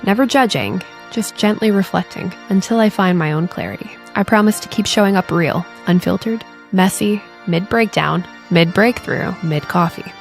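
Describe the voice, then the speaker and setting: A woman's voice: medium pitch, normal speed, gravelly, few pauses, faint music behind, lightly acted. A woman reading aloud the effusive, bubbly replies of a supportive AI chatbot that acts like her best friend. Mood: tender.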